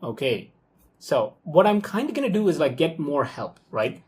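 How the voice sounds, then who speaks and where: A young man casually talking through his coding workflow live at his computer, excitable and thinking aloud with frequent okays and ums. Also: fairly high pitch, moderate pace. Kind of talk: casual live screen-recorded walkthrough.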